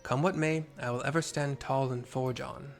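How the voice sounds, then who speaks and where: An earnest young officer speaks in stiff, old-fashioned phrasing, as a man reads him aloud. His delivery is raised and steady, with soft game music behind. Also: medium pitch, moderate pace, vocal fry, natural voice.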